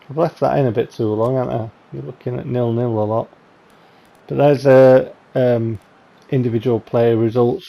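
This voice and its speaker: A man talks over football game highlights in a loose, rambling way, dry and wry about his own mistakes. His voice is gravelly, with a dark, mellow tone. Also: fairly even intonation, normal speed, dull audio. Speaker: gaming channel host. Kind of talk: casual game highlights commentary.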